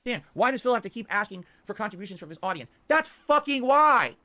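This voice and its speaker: A man's voice: high voice, racing, pushed and bright. A man speaking on his stream in a defensive, complaining monologue that is played back from a clip. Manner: aggrieved, complaining, self-pitying.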